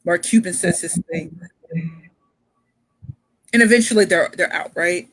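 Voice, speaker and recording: A woman pitch coach telling her story as a motivational speaker, emphatic and repeating phrases for effect. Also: measured pace, fairly bright tone, no echo, rough recording.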